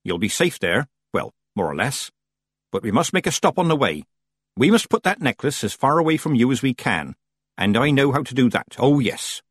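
A man's voice: mid-range voice, sing-song, normal speed, husky, dry recording, studio quality, voice pushed up. A man voicing a stern, commanding old woman witch in a storybook, clipped and cold.

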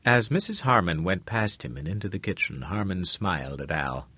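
A man narrating a novel in a measured, steady storytelling manner. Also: low-pitched, slightly rough, no room sound. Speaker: audiobook narrator. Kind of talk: scripted narration.

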